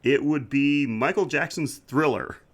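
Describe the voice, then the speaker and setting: A man's voice: fairly high pitch, a little slow. A man co-hosting a podcast, chatting casually and enthusiastically, and laughing often. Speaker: podcast co-host. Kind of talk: casual chat.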